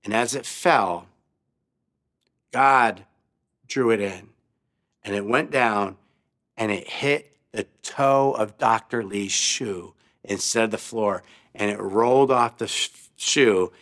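A man's voice: fairly low pitch, takes it slowly, pauses often, a bit bright. A male pastor delivering a sermon, telling a story and acting out the voices of the people in it with rising emphasis.

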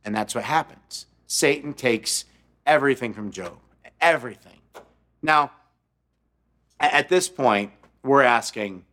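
A man's voice: medium pitch, lively intonation, a little slow, pauses often, fairly bright tone. A man preaching a sermon, telling stories and acting out the quotes and jokes in them. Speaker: pastor.

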